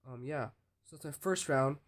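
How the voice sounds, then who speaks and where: A teenage male student talking casually to camera, rambling with restarts and fillers and often trailing off quietly. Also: mid-range voice, moderate pace. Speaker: student speech competitor. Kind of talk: casual vlog talk.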